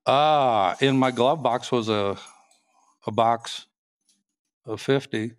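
A man, a state trooper, telling his story in a casual interview, halting and restarting sentences as he goes. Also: mid-range voice, no echo, clean studio sound.

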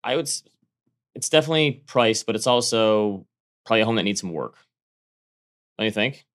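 Brief: brisk male podcast co-host, casual money talk, rapid delivery with quick restarts. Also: on the low side. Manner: quick, animated, restarts mid-sentence. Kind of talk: casual finance chat.

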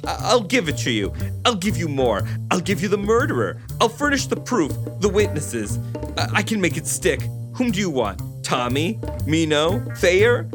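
A frightened villain begs and stammers as he bargains for his life, read aloud by a man. The voice climbs higher than usual and keeps moving in pitch. Music plays under it. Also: sing-song, normal speed. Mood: pleading. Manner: pleading, stammering. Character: cornered frightened male villain pleading.

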